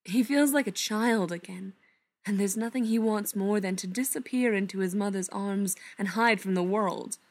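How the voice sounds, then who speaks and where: A woman reading a story aloud, softly and unhurriedly, often dropping to a hush. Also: mid-range voice. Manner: soft, unhurried, often hushed. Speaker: reader. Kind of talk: storybook narration read aloud.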